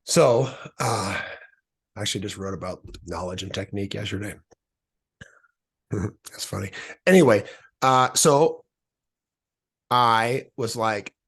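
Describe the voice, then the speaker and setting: A middle-aged man, a podcast guest, telling a personal story in a casual, animated way and acting out the voices he quotes. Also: lowish voice, slow pace, pauses often, breathy edge.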